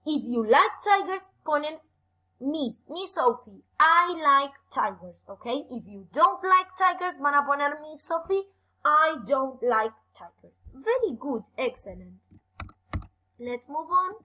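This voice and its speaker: Bright, lively woman teaching English. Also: high-pitched, low-quality recording. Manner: lively, encouraging, slow careful emphasis on words. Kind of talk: bilingual online lesson for children.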